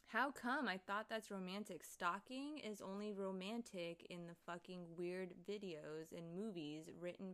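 Rambling, swearing young woman streamer. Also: mid-range voice. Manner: rambling, profane, laughing asides. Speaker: livestreamer reading chat. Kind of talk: casual livestream chat.

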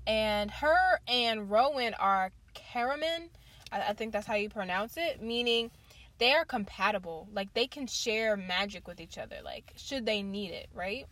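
A woman's voice: on the high side, a bit bright, dry recording. A woman chatting casually to viewers in a vlog, gushing and tossing in lots of "like". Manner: chatty and gushing, heavy use of "like"; addresses viewers as "you guys" and "y'all". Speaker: book reviewer.

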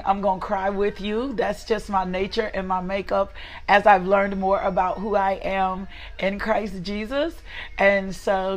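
An emphatic woman leads a live prayer devotional. Her voice sits in a middle register as she repeats lines of praise and greets viewers by name. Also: medium pitch. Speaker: devotional host.

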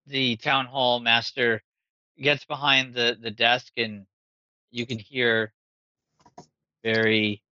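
A man narrating a tabletop game as game master, slowly and haltingly, with frequent fillers. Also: medium pitch, flat delivery, bright, forceful tone, no echo, lo-fi sound.

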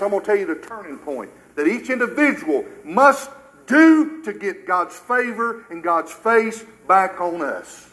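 Older man preaching, high and bright. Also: poor audio. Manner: emphatic preaching, rhetorical questions, surging and dropping. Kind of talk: sermon.

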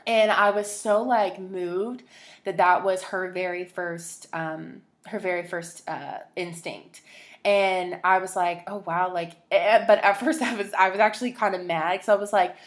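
A woman's voice: on the low side, fairly even intonation, unhurried. A young woman hosting a podcast, telling a personal story in a rambling, emotional way, full of "like" and restarts. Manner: rambling, emotional, heavy use of "like". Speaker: podcast host.

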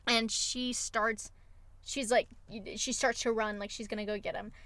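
A woman's voice: a little high, flat delivery, a little slow, fairly bright tone, no echo, faint music behind. A woman co-hosting a podcast, retelling film scenes with emotive enthusiasm in casual chat. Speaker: podcast co-host.

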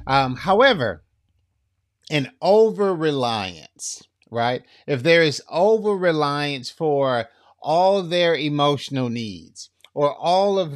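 Man, preacher, casual sermon, unhurried delivery, keeps asking "right?". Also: fairly high pitch, no room sound, clean studio sound. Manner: casual, checks in with "right?", acts out quotes. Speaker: preacher teaching on relationships. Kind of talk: conversational sermon.

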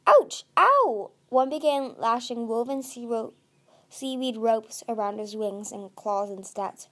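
A woman reading a novel aloud in a steady voice, often tripping over words and correcting herself. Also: on the high side, a little slow. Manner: steady with frequent slips and self-corrections. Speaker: storybook reader.

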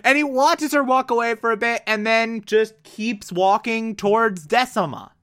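Bright, gushing TV recapper. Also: medium pitch, normal speed. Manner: gushing and animated, with sudden excited outbursts. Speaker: TV episode recapper. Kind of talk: excited casual recap.

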